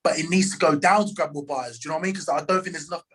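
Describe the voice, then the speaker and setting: A man's voice: a little high, fairly bright tone. A man casually chatting about trading with a friend, stumbling over words and restarting often. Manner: halting, many restarts, says "bro". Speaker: trader. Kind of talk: casual chat.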